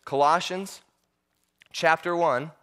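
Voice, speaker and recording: A man preaching a sermon, telling stories with animated voices and frequent repeated words. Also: a little high, slow pace, smooth.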